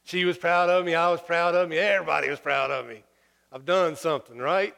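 A man preaching a sermon through personal stories, folksy and humorous, halting with fillers. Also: on the high side, fairly even intonation, vocal fry, fairly bright tone. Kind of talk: sermon storytelling. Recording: long hall reverb.

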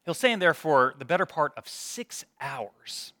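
A man's voice: fairly high pitch, big pitch swings, a little slow, sharp tone. A man preaching a sermon, telling stories with self-deprecating humor before turning to prayer. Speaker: pastor.

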